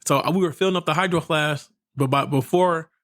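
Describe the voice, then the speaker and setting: A man's voice: on the high side, brisk, a bit bright. A man co-hosting a casual podcast, teasing and laughing with the group. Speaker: podcast co-host.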